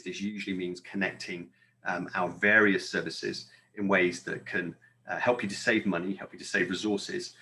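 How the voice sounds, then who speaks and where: A man's voice: deep voice, pushed and bright. A man from the United Kingdom with a British accent, giving an upbeat, chatty conference presentation with frequent fillers. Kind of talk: webinar presentation.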